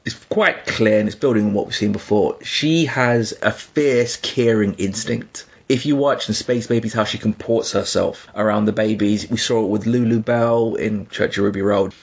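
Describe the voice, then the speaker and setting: A man co-hosting a podcast, talking in an animated, emphatic way with laughing asides. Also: fairly low pitch, normal speed, vocal fry, hardly any pauses, husky, muffled recording. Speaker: podcast co-host. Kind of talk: casual discussion.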